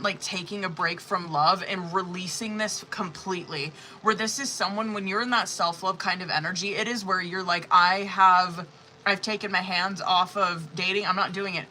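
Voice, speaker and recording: Very bright, profane woman reading tarot. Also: mid-range voice, slight background noise, rough recording. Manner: casual, profane, rambling with many fillers; emphatic and exasperated asides. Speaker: tarot reader. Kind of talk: live-streamed tarot reading.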